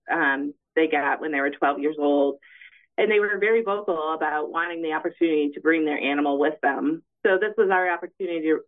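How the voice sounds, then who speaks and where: A woman who directs university housing, speaking in a phone interview and explaining things with frequent fillers. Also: low voice. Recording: tinny phone line.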